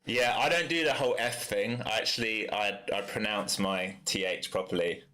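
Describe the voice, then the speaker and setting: In a lowish voice with a sharp tone and moderate pace, an East London man with a London accent livestreams his day trading, giving blunt, casual commentary and responding to chat.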